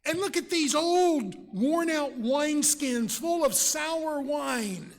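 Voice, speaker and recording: A man's voice: very high voice, lively intonation, takes it slowly, vocal fry, pitched above the performer's own voice, exaggerated voice. A preacher voicing crafty male envoys who pretend to be weary travelers, pleading in a storytelling way. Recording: long church reverb.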